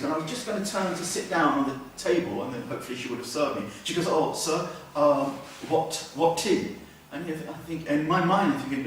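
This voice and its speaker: Guy telling funny stories in a mosque talk, kinda high voice, super echoey hall, mic far off. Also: brisk, slight background noise. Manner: storytelling, humorous asides, lively shifts in volume. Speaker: Islamic lecturer. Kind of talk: anecdotal mosque lecture.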